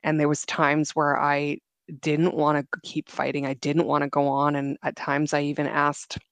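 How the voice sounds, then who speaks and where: A young woman giving an interview guest's emotional personal story, earnest and reflective, with halting restarts. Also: low-pitched, monotone, dry recording.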